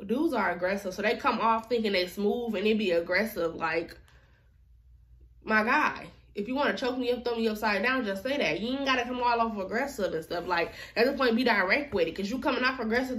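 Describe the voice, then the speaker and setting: A woman's voice: a little high, a bit bright. A woman vlogger telling a personal story in a casual, chatty, slangy way.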